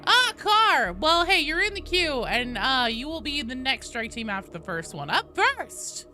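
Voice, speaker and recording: Bright, lively woman streamer. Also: high voice, moderate pace, a little hiss or hum. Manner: chatty, greets viewers one by one. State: voice a bit gravelly from allergies. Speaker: game streamer. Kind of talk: casual live-stream chat.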